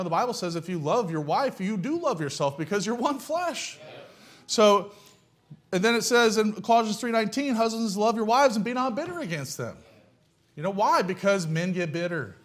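Male preacher, high voice, folksy and blunt, pounds points home with rhetorical questions. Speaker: pastor. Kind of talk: sermon.

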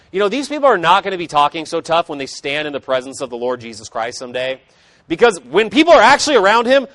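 A male preacher delivers a sermon in a fairly high voice. He talks emphatically, swelling and dropping in intensity, and mixes in casual conversational asides. The sound is dry and close. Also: expressive, normal speed, a bit bright, dry recording.

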